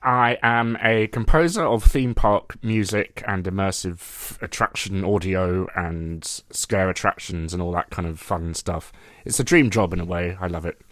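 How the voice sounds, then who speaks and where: A man, a guest on a podcast, chatting in a relaxed, wry, self-deprecating way. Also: deep voice, measured pace, dry recording, clean studio sound. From England. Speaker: guest composer. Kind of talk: casual podcast chat.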